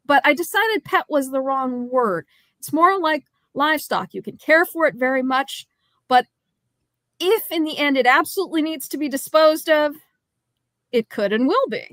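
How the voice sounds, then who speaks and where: A woman co-hosting a podcast, informative and analytical, speaking in a measured casual chat about an old film. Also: high voice, expressive, a bit bright, no echo. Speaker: podcast co-host. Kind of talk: casual movie review chat.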